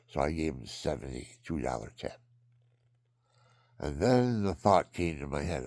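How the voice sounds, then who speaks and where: An older man telling a rambling personal story, often dropping into hushed whispers and repeating himself. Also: rumbling low, animated, moderate pace, dry recording. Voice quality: gravelly. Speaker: vlogger.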